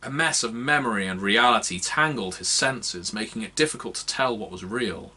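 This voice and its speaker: A man narrating a fantasy novel aloud in a measured, expressive reading. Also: fairly low pitch, breathy edge. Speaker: audiobook narrator. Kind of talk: scripted narration.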